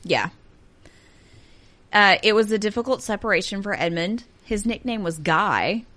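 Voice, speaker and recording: A woman in her thirties co-hosts a casual true-crime show, reading out grim notes with sarcasm. She laughs often and keeps it chatty, in a voice of middling pitch. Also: expressive, measured pace, sharp tone. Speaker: podcast host.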